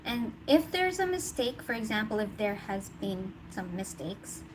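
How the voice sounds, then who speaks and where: A woman's voice: medium pitch, sing-song, a little slow. A woman giving a casual tarot reading, chatty and thinking aloud, laughing often. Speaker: tarot reader. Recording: noticeable background noise.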